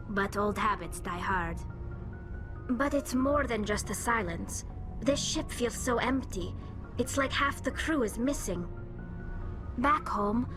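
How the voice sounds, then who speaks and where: An actress voicing a young, homesick alien engineer in game dialogue, soft-spoken and hesitant. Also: female voice, medium pitch, close to an everyday voice.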